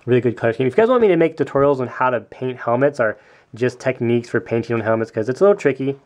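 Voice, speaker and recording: A man's voice: mid-range voice, lively intonation, racing, a little mellow. A young man walking through his custom toy figure in a casual show-and-tell vlog, chatty, with many ums and small self-corrections.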